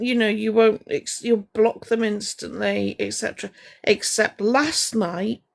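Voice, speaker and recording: A woman's voice: a little high, vocal fry. A woman on a livestream, confrontationally scolding someone while greeting viewers by name between points. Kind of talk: ranting livestream monologue to chat.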